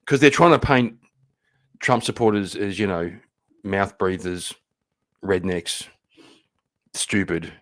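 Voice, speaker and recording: A man hosts a stream and reacts to clips, talking bluntly and swearing. His voice is fairly low. He rambles and restarts as he thinks aloud. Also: takes it slowly, long pauses. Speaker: stream host. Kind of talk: casual reaction commentary.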